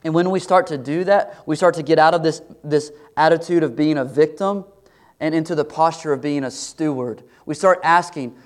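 A man's voice: on the high side, normal speed. A man preaching a sermon as pastor, earnest and conversational, asking the congregation rhetorical questions.

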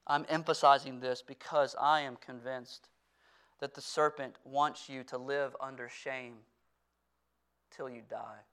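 Earnest pastor with a clear, ringing voice. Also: male voice, mid-range voice, steady tone, a little slow. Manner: earnest preaching that swings from forceful to hushed. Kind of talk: sermon. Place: church.

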